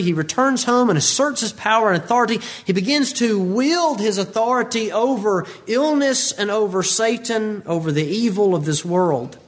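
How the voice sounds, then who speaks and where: Animated male preacher. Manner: animated, acts out Bible voices with big pitch jumps. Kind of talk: sermon.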